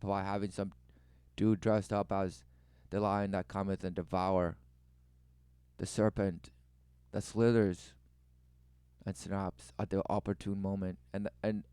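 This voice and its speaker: Man, mocking preachy commentary, smooth resonant voice, dry sound. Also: low voice, steady tone, a little slow, pauses often, dark tone, no echo. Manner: mocking, exclamatory, rhetorical questions. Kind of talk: religious commentary over video clips.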